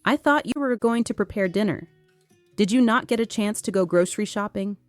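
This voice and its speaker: A woman's voice: mid-range voice, fairly quick, no echo, voice pushed up, natural voice. An overprotective, worried mother, voiced by a woman narrating her novel, nagging her grown daughter. Faint guitar music plays under the audiobook reading. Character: fussy, overprotective middle-aged mother.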